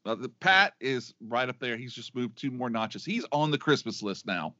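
A man's voice: medium pitch, big pitch swings, normal speed, sharp tone, dry recording. Rambling middle-aged man, dry lo-fi sound. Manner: rambling, enthusiastic, with restarts. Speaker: podcast co-host. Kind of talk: casual chat.

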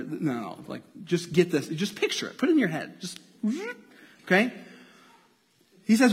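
High-voiced animated pastor in a reverberant hall. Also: male voice, moderate pace, breathy edge. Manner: animated, acts out scenes with playful voices. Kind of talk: sermon.

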